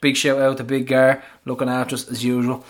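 A man's voice: medium pitch, completely flat delivery, a little fast. A man hosting a casual podcast among football fans, chatty and rambling, laughing often. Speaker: podcast host. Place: pub.

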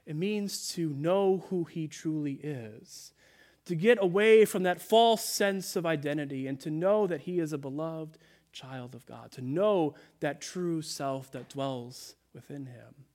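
A male pastor delivering a sermon in a church, his voice sitting a little higher than most men's. He speaks earnestly and drops to a soft, slow hush whenever he quotes someone. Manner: earnest preaching, dropping soft on quoted words. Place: church sanctuary.

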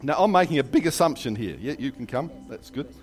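A man preaching a sermon in a church, telling jokes and stories with lively asides. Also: medium pitch, fairly quick, soft background music. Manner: animated storytelling with jokes and asides. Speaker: pastor.

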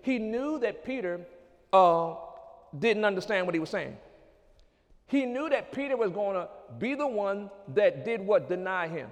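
High-voiced preacher shouting in a hall. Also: male voice, expressive, measured pace. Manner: preaching call-and-response, rising to shouts. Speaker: pastor. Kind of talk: sermon.

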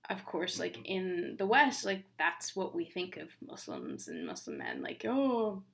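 A woman's voice: on the low side, very animated, a little slow, creaky. A young woman co-hosting a podcast, talking candidly in casual chat, swearing freely and laughing often. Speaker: podcast co-host.

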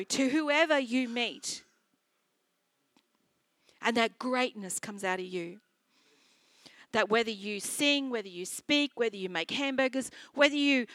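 Bright-voiced Australian woman pastor preaching. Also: on the high side, no echo. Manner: earnest, storytelling with repeated phrases. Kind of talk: sermon.

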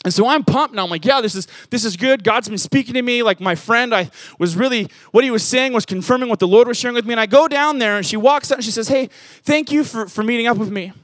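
A young man preaching a sermon, telling a personal story in a chatty, animated way with lots of fillers. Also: very high-pitched, quick pace, few pauses, dry recording. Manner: animated storytelling, many fillers, rises when excited.

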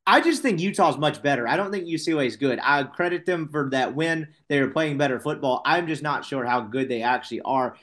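A man's voice: medium pitch, a bit bright. A man hosting a casual sports betting podcast, rambling and correcting himself with wry asides.

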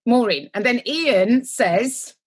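A woman's voice: a little high, lively intonation, slow pace, husky. A woman co-hosting a podcast, recapping a TV episode in casual, rambling chat, joking and trailing off mid-word. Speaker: podcast co-host.

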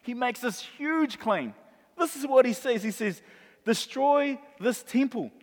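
A male pastor preaching a sermon, animated, acting out the voices of Bible figures. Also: very high voice, unhurried. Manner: animated, acts out voices of crowd and Jesus. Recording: long reverb of a large hall.

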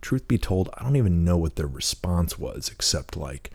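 A man's voice: low voice, sing-song, normal speed, vocal fry, few pauses, a little mellow, husky, dry recording. A man hosting a podcast, telling a long story in a laid-back, rambling way and swearing often, speaking close to the mic. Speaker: podcast host. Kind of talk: casual storytelling monologue. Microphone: close microphone.

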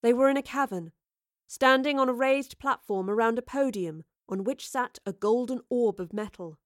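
A woman reading a story aloud in a steady, even narration. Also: on the high side, moderate pace, dry recording, clean studio sound. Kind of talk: audiobook narration.

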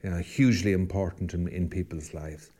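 An Irish priest co-hosting a podcast talks at normal speed in a low, dark voice with fairly even intonation, and there's slight background noise. His casual storytelling is reflective and conversational, with frequent restarts.

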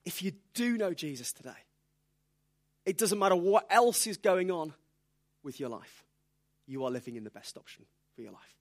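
A man preaching a sermon, telling lively stories with self-deprecating humor. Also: high voice, normal speed, long pauses.

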